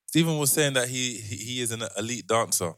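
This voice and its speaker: A man's voice: medium pitch, brisk, no room sound, clean studio sound. A man with a London accent co-hosting a podcast, telling stories and mimicking his friends. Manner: animated, mimics others. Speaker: podcast co-host. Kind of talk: casual storytelling.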